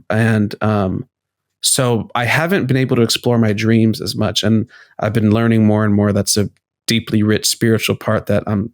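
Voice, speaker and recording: A man being interviewed on a podcast, speaking in a loose, reflective way with casual profanity. His pitch sits in an ordinary middle range. When he acts out his own thoughts, the pitch leaps up sharply. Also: no room sound, clean studio sound. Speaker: podcast guest, poet. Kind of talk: candid conversational interview.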